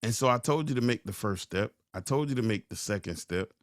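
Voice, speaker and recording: A man hosting a podcast, giving a sermon-like motivational talk, slowing down and repeating key lines for emphasis. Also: lowish voice, expressive, dry recording, clean studio sound. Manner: slow, drawn-out emphasis. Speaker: podcast host.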